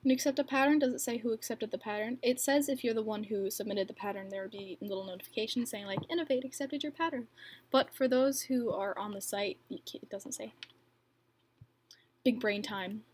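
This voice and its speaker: A woman's voice: mid-range voice, fast talker, few pauses, darkish tone, a little hiss or hum. A young woman hosting a casual livestream, reading viewer questions and answering in a chatty, filler-heavy way with frequent laughs. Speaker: livestream host and bracelet maker.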